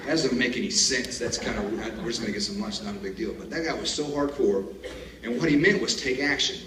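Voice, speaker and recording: A man with a mid-range voice speaks briskly at a graduation, sharing army stories with folksy humor and chuckling at his own jokes. The sound is noisy and echoey, captured by a camera far away in a large hall.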